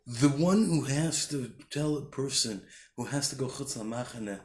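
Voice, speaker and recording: A man's voice: medium pitch, moderate pace, darkish tone, echoey room. A man giving a short weekly Torah talk, telling a story in an earnest way and often restarting his sentences. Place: Jerusalem.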